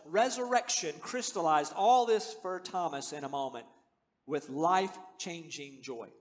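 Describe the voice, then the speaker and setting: A man's voice: fairly high pitch, animated, unhurried. A man in his fifties preaching a sermon as pastor, earnest and conversational, building to emphatic declarations. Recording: long reverb of a large hall.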